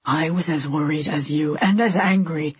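A woman voicing a tall, stern middle-aged husband who talks in clipped, forceful bursts. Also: low-pitched, moderate pace, highs cut off, slight background noise, pitched below the performer's own voice, lightly acted. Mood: consoling.

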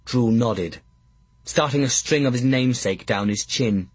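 A man narrating an audiobook in a wry, lively storytelling manner. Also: mid-range voice, unhurried, breathy edge, dry recording.

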